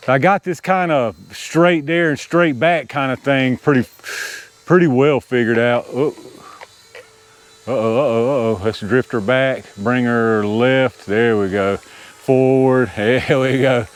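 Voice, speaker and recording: A man gives casual running commentary outdoors while flying a model helicopter, talking to viewers and laughing at his own panicky moments. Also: medium pitch. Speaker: RC hobby video host. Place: outdoors, small open area.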